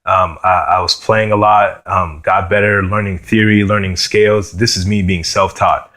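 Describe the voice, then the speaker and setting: A young man from New York sharing his personal testimony as a guitarist, earnest and halting, often saying "you know" and "man.". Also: deep voice, steady tone, bright, forceful tone. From New York, USA.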